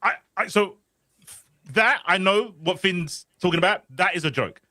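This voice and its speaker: A man's voice: sits high, normal speed, sharp tone. A man on a casual podcast chat, earnestly making his point step by step. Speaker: podcast guest.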